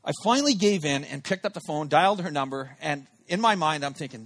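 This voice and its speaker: A man's voice: a little high, fairly quick, hardly any pauses. A male pastor preaching a sermon, telling a personal story and acting out his own thoughts aloud. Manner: animated, acts out his own inner thoughts. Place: church service held in a theater.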